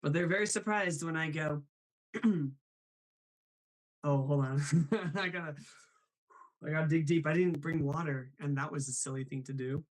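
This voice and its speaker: A man's voice: on the high side, moderate pace, pauses often, low-quality recording. A man hosting a live show, chatting about voice impressions in a bubbly way, laughing often and reading out viewer comments. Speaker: host.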